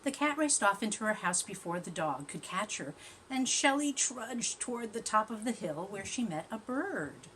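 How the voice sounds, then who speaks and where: Lively woman teacher reading to children. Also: mid-range voice, moderate pace, slight background noise. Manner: gentle, questioning, chatty with young listeners. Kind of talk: reading a story aloud to children.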